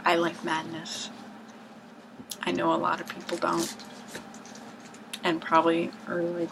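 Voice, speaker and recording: A woman's voice: level tone, a little slow, pauses often. Rambling woman, hissy home video. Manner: chatty and rambling, with hushed asides and mock-dramatic outbursts. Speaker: vlogger showing her record collection. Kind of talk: casual rambling chat to camera. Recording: low-quality home video with clear background hiss.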